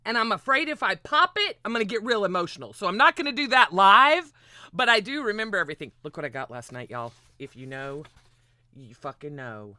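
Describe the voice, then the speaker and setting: Excitable, swearing woman streamer. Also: mid-range voice, brisk, dry recording. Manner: excitable, rambling and profane. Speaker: livestream host. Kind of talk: casual stream chat.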